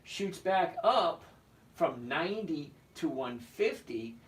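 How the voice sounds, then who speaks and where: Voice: mid-range voice, very animated, slow pace. A trading instructor giving a live stock and options lesson, blunt and emphatic, repeating key points and making sarcastic asides to viewers.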